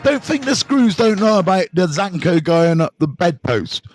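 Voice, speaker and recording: A man's voice: high-pitched, sing-song, normal speed, dry recording, faint music behind. A middle-aged British man hosting a casual live stream as a recovery mentor, blunt and jokey, swearing freely as he talks. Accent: British English. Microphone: phone live stream.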